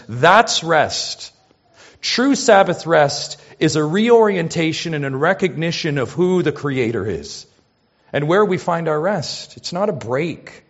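A pastor preaching a sermon to his church, with emphatic rises and soft drops. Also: fairly high pitch, lively intonation, takes it slowly, husky, highs cut off.

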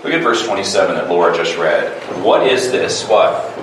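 A man's voice: low-pitched, lively intonation, background noise. A man leading a Bible class, reading verses and constantly quizzing his students with short questions. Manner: keeps quizzing the group with quick questions. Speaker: Bible study teacher. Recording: echoey room from a distant mic.

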